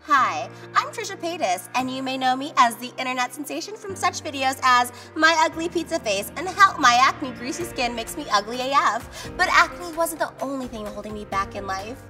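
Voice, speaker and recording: A woman's voice: high voice, expressive, moderate pace, few pauses, sharp tone, faint music behind, pitched above the performer's own voice. Woman putting on a chirpy internet-star parody. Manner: breezy ad-style self-introduction. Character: parody of a female internet personality, bubbly pitch-woman.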